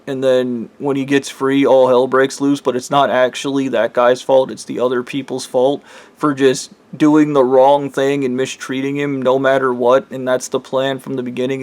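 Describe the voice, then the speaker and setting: A man's voice: medium pitch, little pitch movement, moderate pace, darkish tone. Rambling man full of filler words. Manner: rambling with constant "like" fillers and profanity. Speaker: vlogger. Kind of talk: casual dream retelling.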